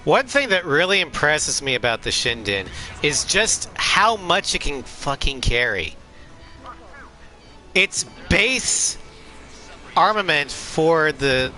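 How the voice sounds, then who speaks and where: Bright slow-talking man streaming games. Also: on the high side, expressive. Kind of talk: casual gameplay commentary. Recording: live stream with game music.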